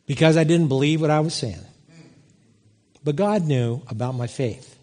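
A middle-aged man preaching a sermon, telling a personal story with lively swings in his voice. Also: normal speed. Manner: animated storytelling, big swings in pitch.

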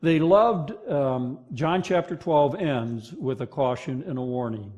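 A man preaching a sermon, swinging between loud emphasis and hushed moments, asking the congregation to finish verses. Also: medium pitch, expressive, unhurried, dull audio. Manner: asks the congregation to fill in verses. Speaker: pastor.

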